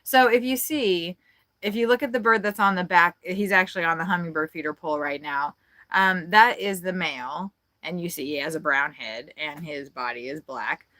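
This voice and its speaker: A woman's voice: on the low side, normal speed, sharp tone, low-quality recording. A woman hosting a casual birdwatching livestream from inside an RV, chatty and playful with frequent giggles. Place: indoors in an RV.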